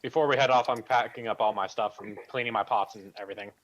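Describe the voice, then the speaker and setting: A man's voice: on the low side, steady tone, quick pace, a bit bright, highs cut off. A man chatting as a player in a tabletop game, blunt and joking. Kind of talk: casual tabletop game chat.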